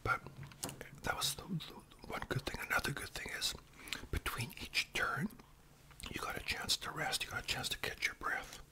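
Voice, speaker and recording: A long, rambling story comes from a man in his sixties, whispered ASMR-style at a moderate pace. He keeps adding tag questions as he talks.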